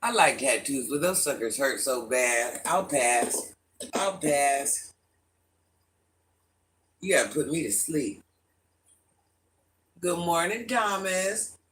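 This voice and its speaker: A middle-aged man hosts a casual livestream with a slightly high voice. He greets viewers by name, answers the chat and talks freely in an animated, chatty way. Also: slow pace, pauses often. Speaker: livestream host.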